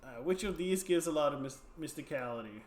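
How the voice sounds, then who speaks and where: A man's voice: a little high, animated, fairly quick, reverberant. A man streaming a video game, reading its text aloud and musing over his choices in a casual way. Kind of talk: casual game narration and commentary.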